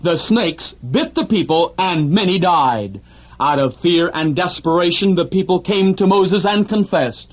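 A man delivering a scripted radio sermon in an earnest, measured preaching manner. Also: sits high, low-quality recording.

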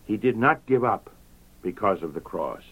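A man preaching a sermon in a solemn, measured way that rises to ringing emphasis. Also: fairly low pitch, lively intonation, narrow, tinny audio. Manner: slow, solemn, rising to declamatory emphasis.

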